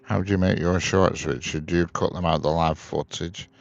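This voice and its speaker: A very deep, gravelly-voiced man chats outdoors on a live stream. His delivery stays flat and even as he reads out viewers' comments and answers them one by one. The stream audio is a little dull and lo-fi. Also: moderate pace. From England. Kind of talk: casual live-stream chat. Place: outdoors beside a railway line.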